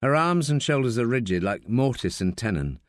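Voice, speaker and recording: Guy narrating an audiobook, measured and expressive, really lively delivery, dry booth sound. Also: mid-range voice, dry recording. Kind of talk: scripted narration.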